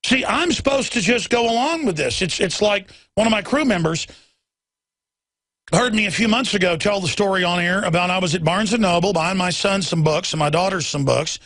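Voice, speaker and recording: A man's voice: high-pitched, normal speed, fairly bright tone, no echo. A middle-aged male talk show host delivering an impassioned monologue. He rants and acts out other people's lines as he goes.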